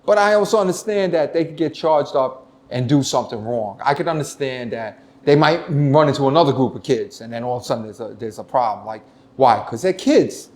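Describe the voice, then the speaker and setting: A middle-aged man, a retired police lieutenant telling stories in an interview, animated and full of restarts. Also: medium pitch, fairly quick. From United States. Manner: animated storytelling, many restarts, acts out quoted voices. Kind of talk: casual interview talk.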